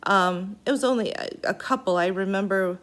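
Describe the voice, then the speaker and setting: A woman recounting a personal event in an unscripted way, halting and earnest, with pauses. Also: medium pitch, fairly bright tone.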